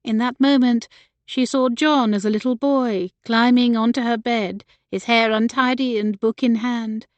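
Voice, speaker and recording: A woman reads a period novel aloud in a measured, expressive way. Her voice sits a little high. The studio sound is dry and close. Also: dry recording, dull audio. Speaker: audiobook narrator. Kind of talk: scripted audiobook narration.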